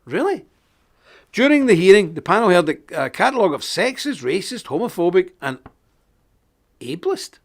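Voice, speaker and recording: A middle-aged man with a Scottish accent hosts a live online show. He talks in an indignant, sarcastic rant, his slightly high voice leaping up and down all the time. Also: moderate pace, pauses often. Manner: animated, indignant ranting with sarcastic asides. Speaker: host.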